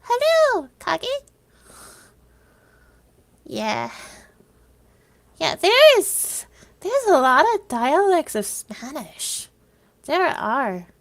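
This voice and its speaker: Slow-talking gravelly woman streamer. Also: extremely high pitch, sing-song. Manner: rambling, chatty, trails off into whispers. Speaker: livestreamer. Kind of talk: casual chat with viewers.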